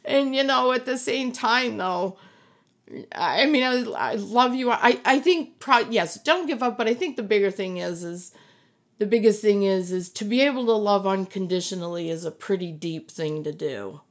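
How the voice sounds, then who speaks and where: A middle-aged woman speaks at a medium pitch and normal pace as a guest on a podcast hosted by her own child. In an emotional conversation she sounds earnest and reassuring, often repeating herself for emphasis.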